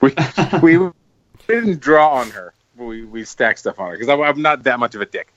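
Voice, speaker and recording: A man's voice: mid-range voice, expressive, normal speed, a bit bright, dry recording, lo-fi sound. A man co-hosting a podcast, telling stories animatedly with lots of "like" and acted-out quotes. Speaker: podcast co-host. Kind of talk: casual chat.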